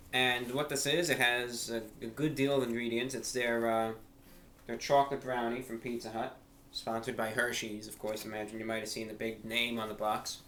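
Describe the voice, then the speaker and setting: A man hosting a casual food review in a measured, formal way, a little out of breath. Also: medium pitch, sharp tone, a little hiss or hum. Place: small eating nook indoors. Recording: echoey room with faint ambience.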